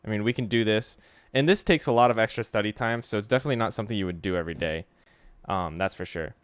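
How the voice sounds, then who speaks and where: A man streaming a casual Japanese study session, talking in a relaxed, chatty way and sounding out pronunciation examples aloud. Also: fairly low pitch, fast talker, clear, resonant tone, no echo. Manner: frequent fillers like "like" and "so". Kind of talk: casual instructional livestream.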